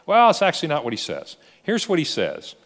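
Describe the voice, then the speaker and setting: Male pastor, lively sermon delivery, storytelling, rhetorical questions, expressive up-and-down pitch, reverberant church hall. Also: a little fast.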